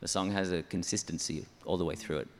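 Speaking at a quick pace in a large hall, a man with a deep voice and fairly even intonation describes how he writes songs for church. The interview has him explaining each step methodically, even counting out syllables.

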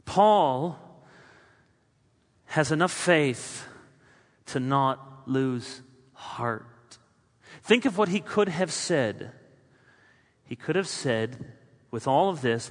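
Man, sermon, slightly high voice, long hall reverb, emphatic and deliberate. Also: animated. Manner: emphatic, builds in lists then drops quiet. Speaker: pastor.

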